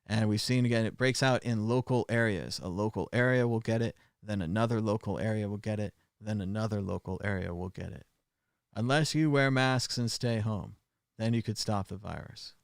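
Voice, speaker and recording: A man's voice: on the low side, normal speed, smooth, no room sound. Sarcastic chatty man, dry close mic. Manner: sarcastic, chatty, frequent "uh" fillers. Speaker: show host. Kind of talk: casual news commentary livestream.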